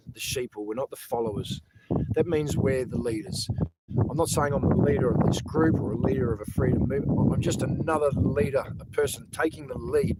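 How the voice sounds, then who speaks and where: A man's voice: medium pitch, background noise. An Australian man live-streaming outdoors on his phone, rambling in casual chat, repeating words and greeting viewers by name. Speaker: live streamer and protest organiser. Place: outdoors on a sunny day.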